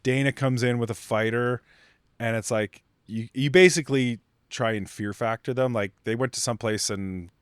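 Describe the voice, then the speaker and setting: A man, a chef guest on a podcast, telling stories casually with lots of fillers, getting animated when annoyed. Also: mid-range voice, moderate pace, clear, resonant tone, no room sound, clean studio sound. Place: podcast studio.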